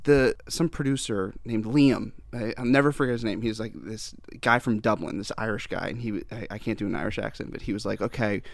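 A man's voice: on the low side, fairly quick, gravelly, few pauses, dry recording. A young man, a guest singer-songwriter, telling a story in casual chat, rambling and restarting, often laughing. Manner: rambling, self-interrupting, laughs through stories.

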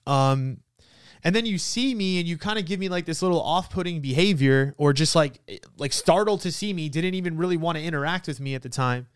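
A young man tells a personal story on his podcast, his voice bright and sitting high. He talks animatedly, with plenty of fillers and quick laughs. The sound is smooth and very dry, with no room echo. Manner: animated, frequent "like" fillers, laughs while venting. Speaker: podcast host. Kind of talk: casual storytelling monologue.

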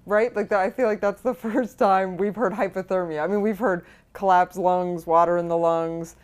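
A woman's voice: fairly low pitch, steady tone, normal speed, a little mellow, clear, resonant tone, big-room sound. A woman hosting an investigative show, talking in a chatty, casual way. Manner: chatty, uses lots of "like". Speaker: host and investigator. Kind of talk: casual interview talk and promo read.

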